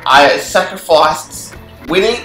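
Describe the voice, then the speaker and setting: A man chats and jokes while playing a game, swinging his pitch all over and often bursting into shouts. His voice is bright and sharp, and it rings in an echoey room with faint game music behind him. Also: expressive, takes it slowly. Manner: goofy, teasing, bursts into shouts. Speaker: co-host of a gaming channel. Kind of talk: casual chat over gameplay.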